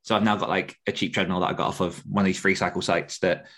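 A man's voice: low-pitched, steady tone, fast, a bit bright. A man co-hosting a podcast in casual chat, teasing dryly and explaining at length. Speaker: podcast co-host.

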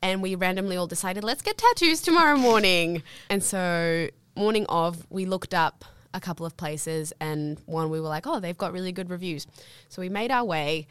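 A young woman co-hosting a podcast, telling a travel story in a lively way, acting out the people she quotes and laughing often. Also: fairly low pitch, normal speed, hardly any pauses, smooth, no echo. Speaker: podcast co-host. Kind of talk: casual chat, storytelling.

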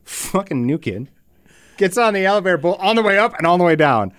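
Talking briskly in a high voice, a man on his podcast spins a lengthy, casual story, cursing freely and performing everyone else's dialogue in over-the-top impressions. The audio has no echo.

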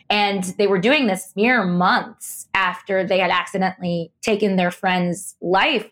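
A woman's voice: medium pitch, a bit bright. A young adult woman, a reporter, explaining internet culture in an articulate, analytical way during a conversational interview.

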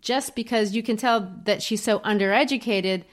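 A woman's voice: mid-range voice, moderate pace. A woman co-hosting an educational talk about literature, explaining a poem in an exploratory way with frequent restarts. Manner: explanatory, thinking aloud with restarts. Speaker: teacher co-host.

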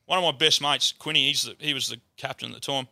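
Bright-voiced Australian bloke spinning yarns. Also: male voice, medium pitch, steady tone, fast, vocal fry, no echo. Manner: swears freely, rambling yarn-telling. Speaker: podcast guest, comedian. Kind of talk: casual storytelling chat.

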